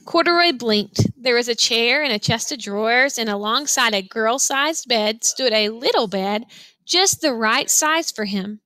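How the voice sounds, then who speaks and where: A woman reading a picture book aloud to children, stopping like a teacher to explain and to ask the listener questions. Her voice is bright and slightly high, and it is recorded close on the mic with a dry, roomless sound. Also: expressive, a little slow, no room sound. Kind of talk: read-aloud storytelling.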